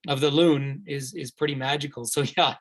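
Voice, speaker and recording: A man's voice: mid-range voice, steady tone, moderate pace. Chatty, rambling tour guide man. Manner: rambling, chatty, many fillers and restarts; enthusiastic, recommends warmly. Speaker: tour guide hosting a virtual tour. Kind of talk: live Q&A, answering viewer questions.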